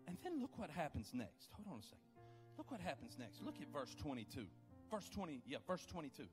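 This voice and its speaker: A man preaching a sermon, building to loud impassioned peaks and dropping to low, quiet questions. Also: very animated, a little fast, over music. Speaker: pastor.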